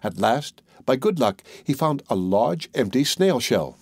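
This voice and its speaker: A man narrating a fairy tale audiobook in a measured, even storytelling manner. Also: medium pitch, husky, dry recording.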